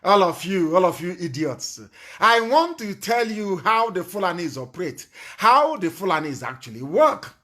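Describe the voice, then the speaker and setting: A man with a Nigerian accent giving an impassioned live broadcast speech, angry and accusing, with sudden loud outbursts. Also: high voice, sing-song, moderate pace.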